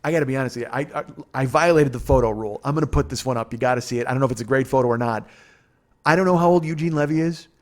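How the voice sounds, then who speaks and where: A man's voice: medium pitch, racing. A man in his forties, a podcast host, telling a long, profane, rambling story in casual chat. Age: 40s.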